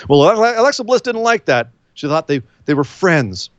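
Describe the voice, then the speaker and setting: A man co-hosting a casual wrestling recap chat, telling the story with lively quoted voices. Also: high-pitched, a little fast, no room sound, lo-fi sound. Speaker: podcast co-host.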